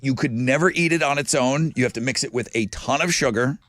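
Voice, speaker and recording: A man's voice: mid-range voice, brisk, dry recording. A man hosting a radio show, teasing his co-hosts in casual banter. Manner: animated, playful and teasing.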